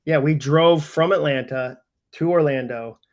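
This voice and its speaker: Chatty man in his forties, fairly high voice. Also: measured pace. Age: 40s. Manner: animated, rambling, many "like" fillers. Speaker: host. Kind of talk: casual storytelling on a live webinar.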